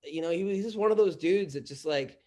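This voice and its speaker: A man's voice: a little high, quick pace, darkish tone. Rambling man telling comedy stories. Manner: rambling storytelling with lots of fillers. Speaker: comedian guest. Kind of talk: casual podcast chat.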